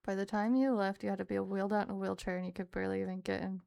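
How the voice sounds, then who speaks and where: A young woman streamer telling a story to her chat in a casual, animated way with frequent laughs. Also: medium pitch, very fast, creaky, no room sound.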